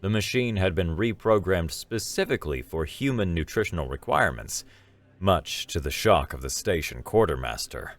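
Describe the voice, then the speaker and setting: Deep-voiced man narrating a sci-fi story. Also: lively intonation, normal speed.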